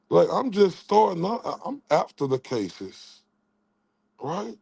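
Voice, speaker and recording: A man in a mocking, trash-talking rant, taunting his target and tripping over repeated words. His voice sits a bit high for a man. The sound is dry and close, with no room. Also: big pitch swings, slow, gravelly, darkish tone, breathy edge, dry recording. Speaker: channel host.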